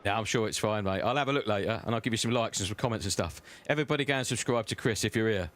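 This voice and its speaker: A man's voice: fairly low pitch, racing, fairly bright tone. Cheeky chatty man streaming a race. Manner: chatty, banters with chat, cheeky. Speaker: sim racing streamer. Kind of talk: live-stream gameplay commentary. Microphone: own desk mic, close and loud.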